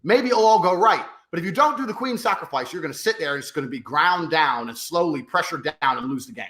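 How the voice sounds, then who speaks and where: A man's voice: on the high side, animated, quick pace, a bit bright, echoey room. A man, talking in a brash, profane, emphatic way in a casual podcast conversation. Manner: brash, profane and emphatic, acts out others' voices. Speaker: podcast guest.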